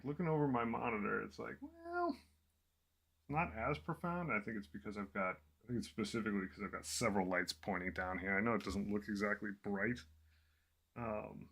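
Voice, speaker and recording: A man paints a miniature in his small home office, casually thinking aloud to himself in a relaxed, self-deprecating way. His voice sits on the low side and sounds creaky and husky.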